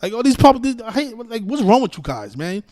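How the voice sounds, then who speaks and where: A man's voice: very high voice, very animated, a little fast, darkish tone, dry recording, clean studio sound. A man hosting a livestream, scolding his viewers in an exasperated, profane rant with many restarts and repeated words. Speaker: livestream host. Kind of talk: ranting livestream monologue.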